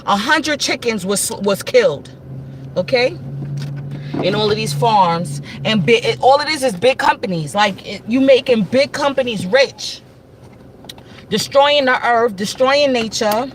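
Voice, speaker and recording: A livestream host talks casually about spiritual topics, speaking to her viewers directly in an emphatic, repetitive way. Her voice is a little high and animated, delivered at a measured pace, with background noise in the recording.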